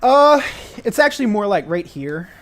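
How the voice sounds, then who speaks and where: A man's voice: sits high, sing-song, moderate pace, fairly bright tone. Young guy running a tabletop game, laid back, lots of ums and uhs. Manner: casual, hesitant with many fillers. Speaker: game master.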